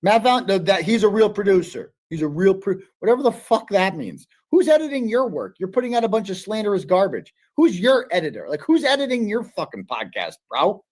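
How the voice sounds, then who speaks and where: A man's voice: high-pitched, sing-song, a little fast, hardly any pauses. A man hosting a live stream, mocking what he hears in profane, sarcastic casual commentary. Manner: mocking, sarcastic, swears a lot.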